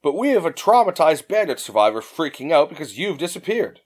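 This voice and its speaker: A man's voice: a little high, very animated, fairly quick. A man playing a drawling sarcastic woman.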